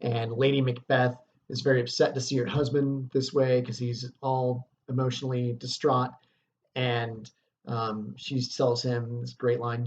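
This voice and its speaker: A man's voice: mid-range voice, steady tone, a little slow. Guy teacher casually explaining stuff, lots of um and okay, kinda muffled audio. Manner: casual, with fillers and check-ins. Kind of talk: casual lesson explaining a play.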